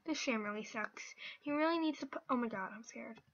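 A young woman giving chatty, excitable commentary while playing an online game, with sudden squeals and whispered asides. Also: on the high side, brisk. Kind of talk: casual gameplay commentary. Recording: dull lo-fi mic.

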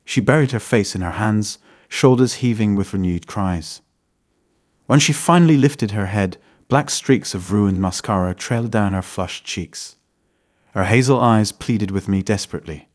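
A man narrating a dramatic first-person story in a measured, scripted delivery. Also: lowish voice.

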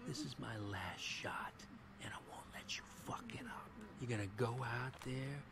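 A man's voice: medium pitch, measured pace, vocal fry. An actor playing a crude, menacing male talent manager who swears and threatens in harsh whispers, over a noisy cartoon soundtrack.

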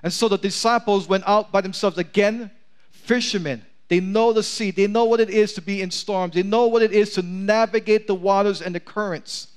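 Male pastor, sermon, high voice, clear and resonant, large church. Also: fairly even intonation, moderate pace. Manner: preaching with rising intensity, asks for amens.

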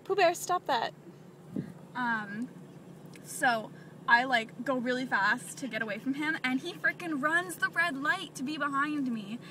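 A young woman vlogging as she drives, chatting and venting with lots of filler words. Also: on the high side. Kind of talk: casual vlog while driving. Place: inside a car. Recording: distant mic with road noise.

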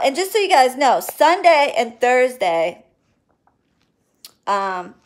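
Chatty woman livestreaming to viewers. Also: medium pitch. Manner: chatty, affectionate, swears casually. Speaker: spiritual reader and spell worker. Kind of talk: casual livestream chat to viewers.

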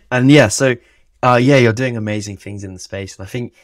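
A man's voice: medium pitch, measured pace, no room sound, studio quality. A young man, a medical student hosting a podcast interview, upbeat and encouraging, with restarts and ums. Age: young adult. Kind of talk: casual interview talk.

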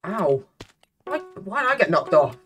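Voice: mid-range voice, big pitch swings, moderate pace, music in the background. A posh-sounding player chatting mildly during a game stream. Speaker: guest player. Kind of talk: casual gaming chat.

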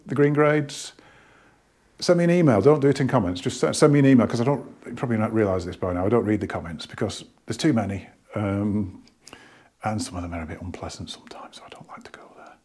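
Casual male vlogger, out of breath, low husky voice, hesitant and rambling. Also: warm tone. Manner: rambling, hesitant, many restarts. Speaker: hi-fi shop owner. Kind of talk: casual product talk to camera.

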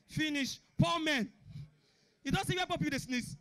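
A young man with a Nigerian Pidgin accent doing a stand-up comedy routine, shouting punchlines and acting out characters. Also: extremely high pitch, animated, brisk, creaky. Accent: Nigerian Pidgin English.

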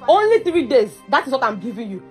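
Fast, combative Nigerian woman arguing. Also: sits high, sing-song, faint music behind. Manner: combative, repetitive, mixes Pidgin. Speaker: social media personality. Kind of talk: heated live argument.

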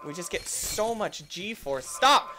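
A man hosting a let's-play, giving jokey, excitable commentary and yelling at the game. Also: on the high side, fairly quick, noisy background. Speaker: gaming channel host.

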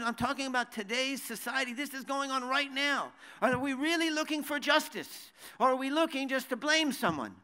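Bright, high-voiced man preaching. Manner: reads verses in Hebrew then translates; conversational, many restarts and rhetorical questions. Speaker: Bible teacher. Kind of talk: sermon.

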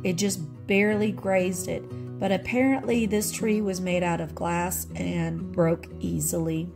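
A woman's voice: fairly low pitch, steady tone, a little slow, gravelly, music in the background. A middle-aged woman vlogger chatting about her thrift finds in a nostalgic, friendly way, laughing often. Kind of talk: casual show-and-tell narration.

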